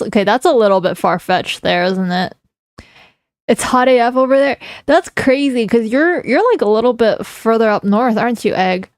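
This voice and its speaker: A woman's voice: fairly high pitch, moderate pace, no room sound, studio quality. A young woman chatting playfully with her viewers on a livestream, teasing and laughing often. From Canada. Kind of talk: casual livestream chat.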